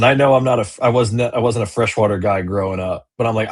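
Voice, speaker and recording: A man's voice: medium pitch, fairly even intonation, fast talker. A man, a business owner and kayak angler, chatting casually in an interview over a video call, rambling with fillers and restarts.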